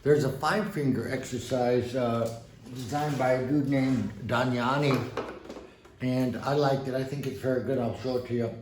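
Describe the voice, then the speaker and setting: A man giving a casual piano lesson, relaxed and encouraging, with folksy asides as he plays. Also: mid-range voice, moderate pace, background noise. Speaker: piano teacher. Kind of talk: casual instructional talk at the piano. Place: room with a piano. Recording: roomy sound with piano under the voice.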